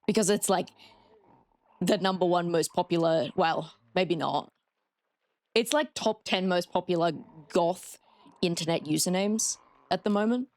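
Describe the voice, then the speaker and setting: A woman's voice: fairly low pitch, unhurried, pauses often, darkish tone, dry recording. An Australian woman streaming a horror game, chatting with her viewers and swearing freely. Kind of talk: casual live-stream gameplay commentary.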